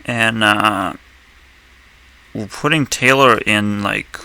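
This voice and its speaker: Male reaction commentator: unhurried delivery, rambling and profane, laughs a lot. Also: fairly low pitch, gravelly, pushed and bright, clean tone. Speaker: video commentator.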